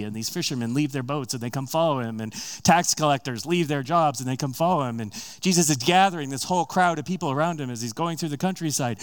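A man's voice: fairly high pitch, quick pace, hardly any pauses. A man preaching a sermon, retelling a story in a casual, conversational way and acting out the characters' lines.

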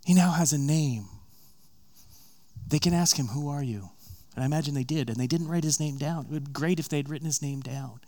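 A man's voice: on the high side, fairly quick, warm tone. A man preaching a sermon, retelling a story in a casual, conversational way and acting out the characters' lines.

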